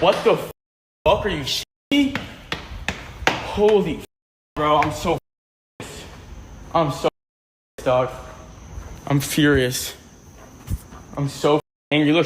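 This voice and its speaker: A young man ranting on a livestream, agitated, profane and repetitive. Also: a little high. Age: young adult. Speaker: streamer. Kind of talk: livestream rant. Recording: echoey room, faint noise.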